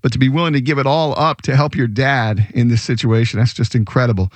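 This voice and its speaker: A man's voice: mid-range voice, fast, dry recording. A man hosting a radio show, telling a good-news story in a conversational way with fillers. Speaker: radio host.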